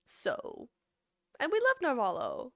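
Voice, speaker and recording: A young woman casually chatting with her livestream chat as an esports caster and analyst, bubbly and quick to laugh. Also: high voice, wildly swooping pitch, gravelly, fairly bright tone, dry recording, clean studio sound.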